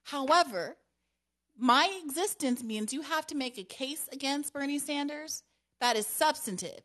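A slightly high-voiced woman hosting a call-in podcast. She talks in a loose, animated way, often breaking into laughs as she takes calls. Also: measured pace. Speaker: podcast host taking calls. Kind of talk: casual call-in chat.

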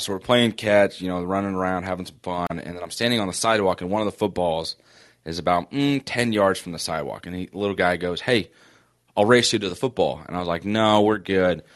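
A man co-hosting a casual sports podcast, telling long self-mocking stories in a rambling way while sore and breathing with effort. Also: low voice. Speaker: podcast co-host.

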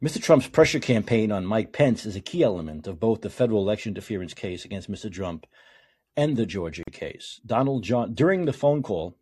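A man's voice: fairly low pitch, a little fast, husky. A man hosting a political talk show, reading legal documents aloud and breaking into heated, sarcastic, profane rants. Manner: heated, sarcastic, profane ranting between calmer read-aloud passages.

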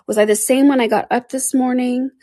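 Woman reading a curious, fretful young girl, voice lifted higher, fussing aloud to herself. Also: steady tone, fairly quick, dark tone, no echo, studio quality, lightly acted. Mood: flustered. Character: curious, flustered little girl. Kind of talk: storybook reading.

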